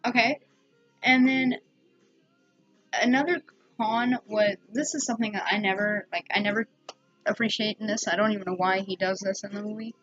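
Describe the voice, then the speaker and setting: A woman's voice: medium pitch, fairly even intonation, moderate pace, pauses often, fairly bright tone, lo-fi sound, faint music behind. A woman giving a casual, rambling spoken movie review at home, full of fillers and restarts.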